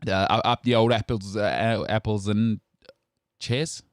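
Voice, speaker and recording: A man's voice: on the low side, fairly even intonation, normal speed, no room sound. A South African man hosting a sports talk show, opinionated and teasing in casual studio banter.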